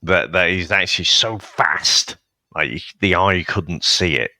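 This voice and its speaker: A man's voice: sits low, measured pace, sharp tone, dry recording. A man co-hosting a podcast, talking about films with laid-back, dry humor. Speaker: podcast co-host. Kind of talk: casual film chat.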